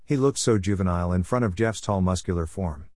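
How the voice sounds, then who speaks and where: Man, story narrator, low voice, steady reading, dry close recording. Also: fairly quick, dry recording. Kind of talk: first-person story narration.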